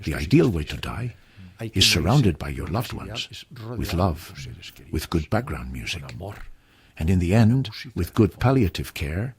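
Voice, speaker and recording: An older man from Spain, a retired surgeon, answering interview questions in a calm, earnest, reassuring way. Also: low-pitched, measured pace, crowd noise.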